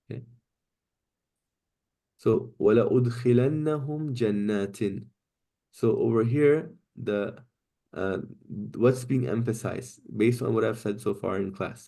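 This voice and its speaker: A man teaching Quranic Arabic grammar in a class, explaining patiently step by step and reciting Arabic phrases quickly. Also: on the low side, vocal fry, dark tone.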